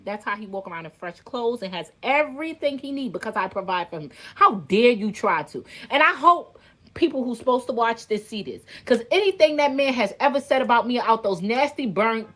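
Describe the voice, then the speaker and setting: Give me a woman venting hard in casual talk, fired up and cursing, with a fairly high voice. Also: a bit bright. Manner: heated, profane, ranting. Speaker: content creator. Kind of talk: emotional casual monologue.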